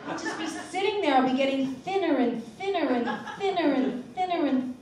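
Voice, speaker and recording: High bouncy woman doing standup, wry self-mocking bits, far off mic in a boomy room. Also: expressive, fairly quick, hardly any pauses, a crowd in the background, background noise. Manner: wry, self-mocking, jumps into shrill impressions. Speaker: stand-up comedian. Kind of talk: stand-up comedy set. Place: comedy club stage. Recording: echoey room, voice from a distance.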